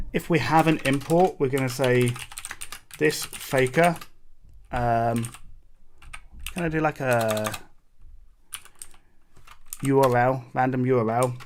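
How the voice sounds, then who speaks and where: A man from Britain narrates his coding session on a live stream, musing aloud and drifting into asides with viewers. His voice sits at an ordinary middle pitch. Keyboard clicks and a faint hiss run underneath. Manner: thinks aloud, rambling with fillers and asides to chat. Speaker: livestream coding host. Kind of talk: casual live coding commentary. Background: keyboard typing.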